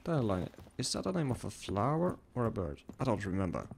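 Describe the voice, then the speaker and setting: A man's voice: fairly low pitch, sing-song, quick pace, creaky, a little hiss or hum. A man streaming a game live, chatting casually and musing aloud with hesitant fillers. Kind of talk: live let's play commentary.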